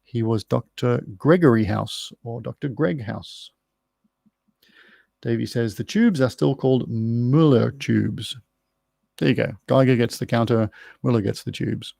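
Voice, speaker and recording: A man's voice: mid-range voice, measured pace, gravelly, dark tone, no room sound. A middle-aged Australian man hosting a pub quiz, reading out answers in a chatty way and spelling out words as he goes. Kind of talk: live-streamed trivia answers, casual chat.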